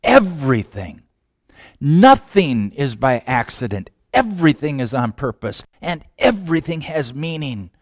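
A man preaching a sermon, asking rhetorical questions and swinging from hushed lines to loud, impassioned ones. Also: medium pitch, big pitch swings, unhurried, dry recording, studio quality. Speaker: pastor.

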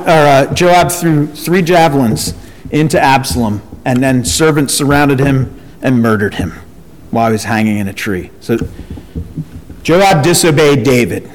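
A man preaching a sermon and reading scripture aloud, animated and acting out the voices of people in the story. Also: a little high, measured pace. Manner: animated, acts out quoted voices. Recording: long hall reverb.

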